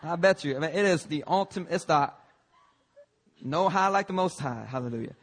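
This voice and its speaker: A young man preaches a fervent sermon in a church sanctuary, with a husky, slightly raised voice. He keeps breaking in with "hallelujah" and talks in a loose, conversational way. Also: on the high side, expressive, brisk. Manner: fervent, often interjects "hallelujah".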